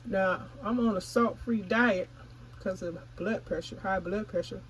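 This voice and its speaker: Eine Frau, die in lockerem Plauderton für ihren Gartenkanal vlogt, ihre Zuschauer direkt anspricht und manchmal beim Kauen redet. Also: female voice, medium pitch, measured pace, slight background noise, low-quality recording. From California. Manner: chatty, addresses viewers as y'all; talks while chewing. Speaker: gardening vlogger. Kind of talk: casual vlog chat.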